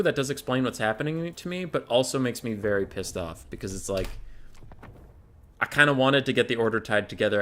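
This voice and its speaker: A man's voice: medium pitch, pushed and bright. A young man casting a gaming tournament in casual, profane, exasperated commentary. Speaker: tournament caster.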